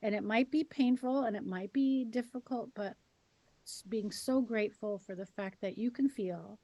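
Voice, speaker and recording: A woman co-hosting a podcast, calmly and reassuringly giving gentle advice in casual chat. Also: on the high side, normal speed, no echo. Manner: calm, reassuring, gently advising. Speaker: co-host and healer.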